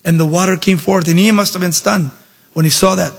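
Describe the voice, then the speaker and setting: A man preaching a sermon, with animated, sing-song emphasis and dramatic storytelling, in a church hall. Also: high voice, fairly quick, vocal fry, husky. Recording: long reverb of a large hall.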